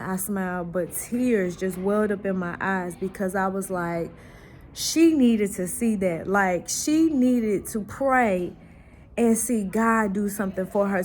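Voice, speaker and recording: A woman hosting her own devotional vlog, telling a family story in an animated, prayerful and heartfelt way. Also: mid-range voice, a little hiss or hum. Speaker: faith vlogger and host. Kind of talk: casual devotional chat.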